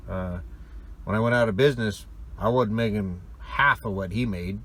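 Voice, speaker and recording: A man's voice: on the low side, normal speed, a bit bright. A middle-aged man, a former trucking company owner, telling a rambling, digressive story in a casual, chatty way.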